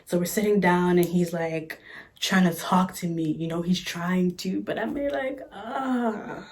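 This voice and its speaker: A woman's voice: on the low side, moderate pace. A woman vlogger telling a story in a casual chat, sassy and exasperated, recorded on a phone camera.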